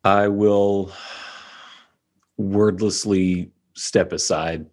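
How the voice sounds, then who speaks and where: A man playing in a tabletop game, describing what his character does in a hesitant, amused way. His voice is on the low side. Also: steady tone, extremely slow, a little mellow. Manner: laughing, hesitant. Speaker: player.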